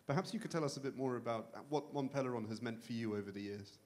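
A man's voice: mid-range voice, quick pace. A man interviewing a guest, asking a fluent, polite question.

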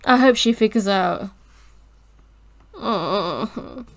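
A woman hosting an anime reaction, talking back at the screen in a distraught, swearing way. She speaks slowly and unhurriedly. The sound is dry and close, with no room echo. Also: medium pitch, expressive, vocal fry. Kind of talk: emotional reaction commentary.

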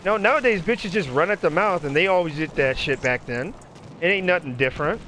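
A man telling profane, animated stories in casual chat while playing a video game. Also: fairly high pitch, a little fast, a little hiss or hum. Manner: profane, animated storytelling, acts out other people's voices. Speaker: gamer chatting while playing. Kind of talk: casual chat over gameplay.

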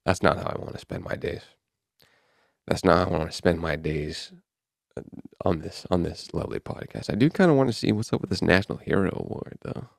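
Low gravelly dude on a podcast, riffing wry on the news, dry close sound. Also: male voice, darkish tone, no room sound. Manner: offhand, wry, reads out and riffs on headlines. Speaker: podcast host. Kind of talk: casual podcast chat, reading news aloud.

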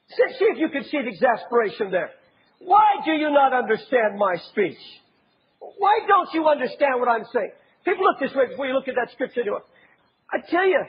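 A man preaching an impassioned sermon as a pastor, often raising his voice to a shout. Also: extremely high pitch, lo-fi sound.

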